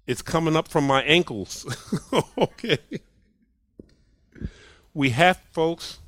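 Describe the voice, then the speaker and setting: A man preaching a sermon on a clip-on mic, emphatic and repetitive, swinging from soft asides to loud declarations. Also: on the high side, smooth, dry recording. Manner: emphatic, punches points with "period" and repeats lines.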